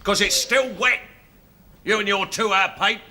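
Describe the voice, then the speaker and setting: A man's voice: sits high, fairly even intonation, measured pace, sharp tone, a little hiss or hum. A man in a 1970s sitcom, grumbling and sarcastic. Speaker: sitcom character, grumpy son-in-law.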